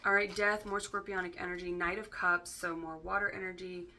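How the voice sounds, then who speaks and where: A woman reads tarot cards in a loose, chatty way, peppering her talk with fillers and casual swears. Her voice is bright and forceful and sits slightly low. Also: little pitch movement, brisk, a little hiss or hum. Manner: chatty, filler-heavy, casually profane, keeps asking "right?". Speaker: tarot reader. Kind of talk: casual spoken tarot reading.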